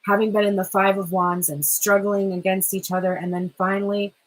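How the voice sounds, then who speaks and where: A woman's voice: mid-range voice, little pitch movement, fairly quick, poor audio. A woman giving a chatty, rambling tarot reading who swears casually and often laughs. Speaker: tarot reader.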